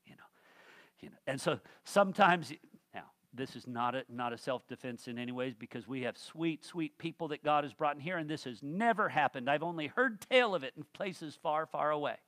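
A man with a high voice delivers a sermon in a folksy, joking way, then builds to fervent emphasis. The sound is dry and close, with no room around it. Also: animated, fairly quick, a bit bright, no echo. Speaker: pastor.

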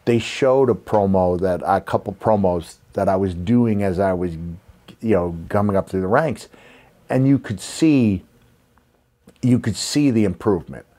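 A man's voice: lowish voice, a little slow, warm tone. A man in his fifties with a slight New York accent, a podcast host and former wrestler telling stories in a reflective, rambling way with many fillers. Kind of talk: casual storytelling chat.

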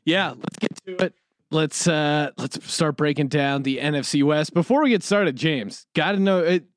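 A man's voice: fairly high pitch, moderate pace, dry recording, studio quality. A man hosting a casual sports podcast, teasing his co-host and laughing easily.

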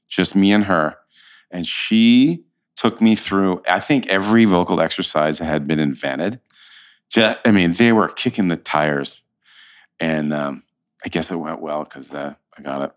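A man in his fifties, an actor, chatting as an interview guest and telling animated stories. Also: deep voice, clean tone. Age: 50s. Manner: animated storyteller, acts out quotes. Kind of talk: casual interview chat.

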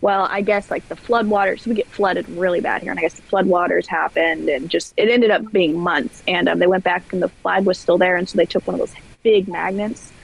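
A woman telling stories as a guest on a podcast, chatty and quick to laugh. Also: lowish voice, steady tone, vocal fry, breathy edge, low-quality recording. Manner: chatty storyteller, laughs often. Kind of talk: casual podcast chat. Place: where floods hit badly.

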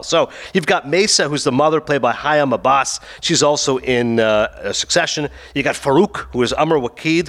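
A man hosting a podcast, reviewing a TV series in casual chat, talking rapidly with lots of fillers. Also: fairly high pitch, a bit bright. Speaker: podcast host reviewing a TV show.

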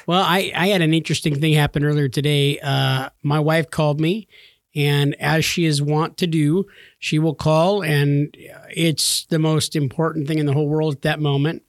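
A man's voice: fairly high pitch, normal speed, no room sound, clean studio sound. A man in his thirties co-hosting a casual podcast, telling stories and acting out the voices. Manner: animated storyteller, acts out voices. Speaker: podcast co-host. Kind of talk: casual chat.

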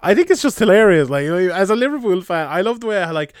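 A man hosting a podcast in casual sports chat, reading listener questions and answering quickly. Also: high voice, very animated, clear, resonant tone, no echo, clean studio sound. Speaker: podcast host.

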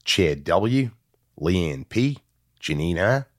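A man hosting a podcast, reading out long lists of names in a steady, matter-of-fact way. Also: deep voice, very slow, no room sound, studio quality. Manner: rattles off long name lists in a steady deadpan. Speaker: podcast host. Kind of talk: casual chat, reading patron names.

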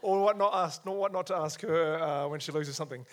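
A man's voice: on the high side, brisk, slight background noise. A man hosting an author talk on a theatre stage, thanking the speaker casually with some hesitant fillers. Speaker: event host.

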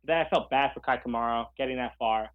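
A man co-hosting a podcast in casual chat, passionate and halting, often searching for his words. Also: medium pitch, narrow, tinny audio. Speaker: podcast co-host.

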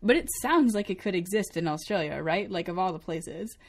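A young woman co-hosting a casual chat with a slightly low voice. She talks in a chatty way, with many fillers and frequent laughs. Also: expressive, brisk. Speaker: co-host.

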